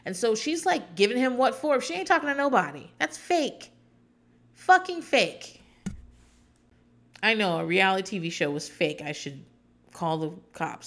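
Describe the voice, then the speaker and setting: A woman's voice: fairly low pitch, fairly bright tone. A woman hosting a podcast, recapping a reality show in casual, rambling chat with sarcastic asides.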